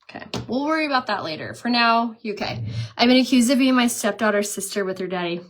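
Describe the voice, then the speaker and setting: A woman's voice: a little high, fast, a little hiss or hum. Chatty woman selling makeup on a live stream. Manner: chatty and animated, laughs often, says "like" a lot. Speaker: makeup seller and vlogger. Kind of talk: casual livestream chat while doing makeup.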